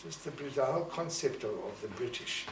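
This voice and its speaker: A man's voice: mid-range voice, expressive, a little fast. An older man from Rhodesia, reflectively telling family stories in an oral history interview. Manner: reflective, storytelling, acts out family quotes. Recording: roomy echo, distant mic, faint noise.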